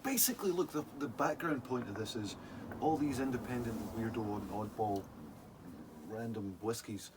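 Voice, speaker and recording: A man's voice: mid-range voice, normal speed, background noise. A man, rambling and laughing as co-host of a casual whisky-tasting chat. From Islay, Scotland. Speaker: podcast co-host.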